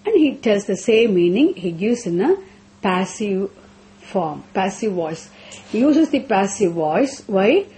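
A woman's voice: medium pitch, very animated, takes it slowly, dark tone, slight background noise. A woman teaching a scripture class, repeating phrases, asking rhetorical questions and chanting verses.

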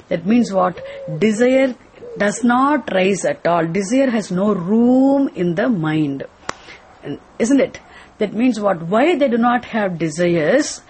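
A woman, teaching a scripture lesson slowly and deliberately, repeating phrases and asking rhetorical questions. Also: medium pitch, a little mellow, slight background noise.

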